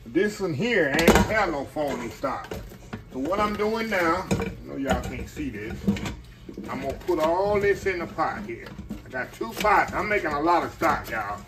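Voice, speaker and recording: A man's voice: a little high, lively intonation, normal speed, heavy background noise. Folksy man cooking at home. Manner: chatty, folksy, addresses viewers as y'all. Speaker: home cooking channel host. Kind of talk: casual cooking demonstration. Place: home kitchen.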